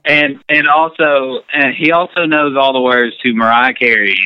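A man's voice: mid-range voice, fairly even intonation, moderate pace, smooth, no room sound, lo-fi sound. A man joking in a casual chat, defending himself in mock outrage. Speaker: podcast co-host. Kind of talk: casual banter.

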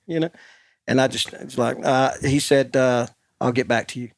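A man's voice: medium pitch, fairly even intonation, moderate pace, no echo, clean studio sound. A man hosting a podcast, telling a rambling anecdote in casual chat and laughing often. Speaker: podcast host.

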